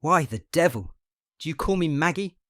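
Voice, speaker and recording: A man reading aloud, voicing a weak, bewildered bedridden man who snaps and shouts in irritation. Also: mid-range voice, slow, no echo, clean studio sound. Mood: furious. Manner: furious outbursts, snapping and shouting. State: weak from illness.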